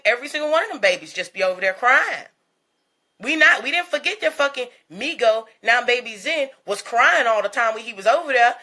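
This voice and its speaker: A woman's voice: on the high side, bright, forceful tone. A woman host giving a blunt, profane gossip commentary rant, mocking and laughing as she talks.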